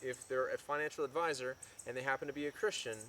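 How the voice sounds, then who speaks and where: A man co-hosting a casual chat, who explains his points in measured steps. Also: mid-range voice, steady tone, pushed and bright, a little hiss or hum. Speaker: co-host.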